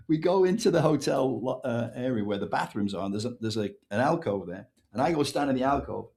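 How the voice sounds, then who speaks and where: A man's voice: medium pitch, gravelly. A man from England with an English accent, telling a story as a podcast guest and acting out the dialogue. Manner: animated storyteller, acts out quoted dialogue. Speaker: author guest.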